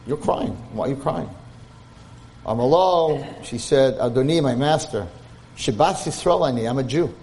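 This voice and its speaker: A man's voice: mid-range voice, moderate pace, darkish tone. A man giving a Torah class, telling a story and translating Hebrew text line by line. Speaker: Torah lecturer.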